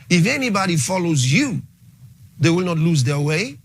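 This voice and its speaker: A man's voice: fairly high pitch, big pitch swings, unhurried, a bit bright, a little hiss or hum. A male pastor preaching a sermon, emphatic, repeating key phrases and dwelling on exclamations.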